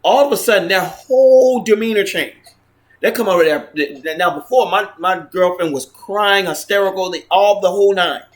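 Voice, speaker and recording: A man vlogging to camera, earnestly retelling a personal story, with halting restarts and frequent "right?" checks. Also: high-pitched. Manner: earnest, retelling events with frequent 'right?' tags; halting restarts and repeated words.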